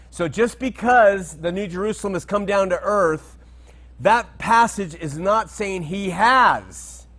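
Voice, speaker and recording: A man giving an unscripted Bible teaching talk, conversational and digressive, checking that listeners follow. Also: high-pitched.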